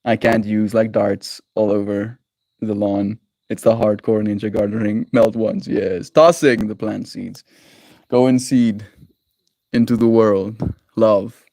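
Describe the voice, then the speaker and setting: The Canadian livestreamer's lowish, warm voice comes through flat and unhurried in a dry recording. He chats affectionately with viewers on his daily stream in a playful, rambling way, giggling and inventing silly words.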